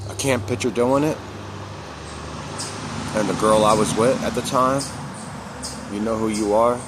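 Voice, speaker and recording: A man's voice: lowish voice, normal speed, pauses often, background noise. A man candidly telling a personal story to camera, repeating phrases for emphasis and swearing now and then. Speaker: recovery vlogger.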